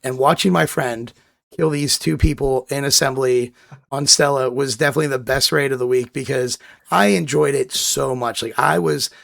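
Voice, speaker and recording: A man's voice: medium pitch, fairly even intonation, moderate pace, vocal fry, fairly bright tone, no room sound, studio quality. A man co-hosting a gaming podcast, telling rambling stories with lots of restarts in casual chat. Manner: rambling storyteller, many restarts. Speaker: podcast co-host.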